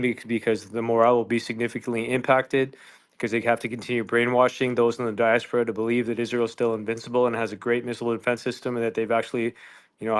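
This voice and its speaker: A man on a live audio panel giving confident, analytical commentary, steady with occasional dry laughs. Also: mid-range voice, clean tone.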